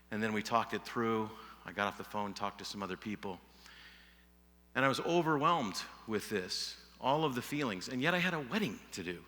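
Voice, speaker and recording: A middle-aged man speaking at a conference, telling a personal story in an earnest way that sinks to a hush at sad points. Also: fairly low pitch. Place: large hall before a live audience. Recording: long hall reverb.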